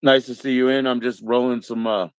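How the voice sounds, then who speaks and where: A man's voice: mid-range voice, level tone, brisk, clean tone, dry recording. A man chatting casually on a live stream, rambling and laid-back as he greets viewers one by one. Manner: rambling, laid-back, greets chat members, mock Aussie slang. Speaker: livestream host.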